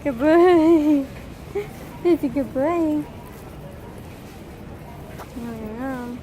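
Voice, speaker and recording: High-voiced young woman vlogging. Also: drawn-out words, mellow, slight background noise. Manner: talks to her dog in short, high, praising commands. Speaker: vlogger and service dog handler. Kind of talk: casual vlog chat.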